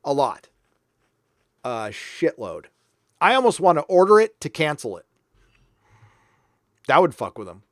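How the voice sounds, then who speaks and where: A man's voice: fairly high pitch, very animated, a little slow, pauses often, no echo, studio quality. Sarcastic man hosting a livestream. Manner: sarcastic, mock-earnest. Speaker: host reading viewer donations. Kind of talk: casual livestream chat.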